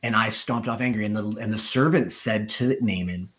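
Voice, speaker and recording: A man's voice: moderate pace, a bit bright. Man preaching his testimony. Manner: storytelling, acts out quoted voices with rising pitch. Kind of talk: sermon testimony.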